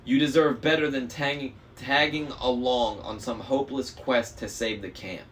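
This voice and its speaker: A man's voice: medium pitch, fairly even intonation, normal speed, a bit bright, lightly acted. A man voicing a smug young traitor. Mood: mocking. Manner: smooth, mocking, persuasive. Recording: faint noise, slightly distant mic.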